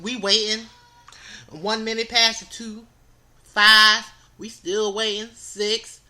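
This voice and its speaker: A woman's voice: mid-range voice, slow pace. A young woman, animatedly telling an exasperated comic story on a podcast. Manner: animated, exasperated, repeats words for comic effect. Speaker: podcast co-host. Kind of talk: casual storytelling.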